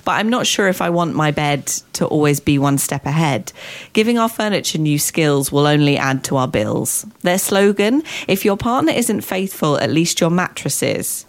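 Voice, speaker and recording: Female radio host, playful and theatrical, animated delivery. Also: low-pitched. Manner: playful, theatrical, quick to laugh. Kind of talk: casual radio chat.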